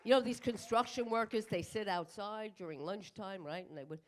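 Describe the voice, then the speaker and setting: A woman's voice: medium pitch, animated, normal speed. An older woman doing a stand-up comedy set on a club stage, with brash, profane, self-mocking punchlines. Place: comedy club stage in front of a live audience.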